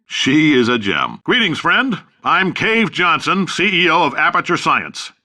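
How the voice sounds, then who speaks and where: A man's voice: a little high, big pitch swings, unhurried, sharp tone, heavily acted. An actor playing a brash, boastful middle-aged company boss with sarcastic salesman's patter in a video game. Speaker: company founder and CEO.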